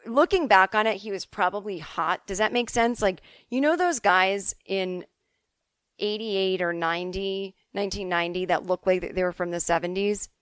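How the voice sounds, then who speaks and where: A woman's voice: medium pitch, normal speed, fairly bright tone, clear, resonant tone, no room sound, studio quality. A woman in her forties from the Boston suburbs, hosting a podcast and talking candidly and chattily as she answers listener emails. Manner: candid, chatty, swears, laughs easily. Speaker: podcast host.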